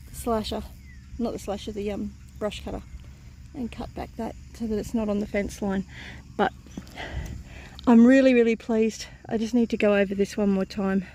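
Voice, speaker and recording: A woman's voice: mid-range voice, mellow, a little hiss or hum. A woman vlogging outdoors on her farm, chatty and rambling, tired and a bit out of breath. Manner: chatty, rambling with fillers and self-corrections. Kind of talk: casual outdoor vlog.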